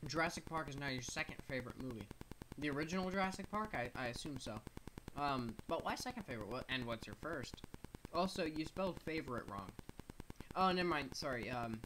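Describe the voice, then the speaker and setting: A gaming YouTuber giving rambling, casual let's-play commentary, reacting excitedly and reading chat. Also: medium pitch, fairly quick, noisy background. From United States.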